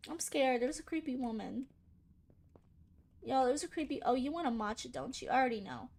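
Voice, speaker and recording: Young woman gamer, high voice, sassy and playful commentary. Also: animated, fairly quick, a little mellow. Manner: playful, sassy, talks back to game characters. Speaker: gaming channel host. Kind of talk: casual gameplay commentary.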